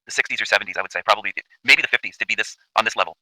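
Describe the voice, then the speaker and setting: A man from Canada rants at a breakneck pace, cursing and circling back to the same points again and again. His tone is bright and sharp, and he sounds dry and close to the mic. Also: on the low side, rapid-fire, no echo, rough recording. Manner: emphatic, profane, repetitive. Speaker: channel host. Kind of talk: ranting commentary over video.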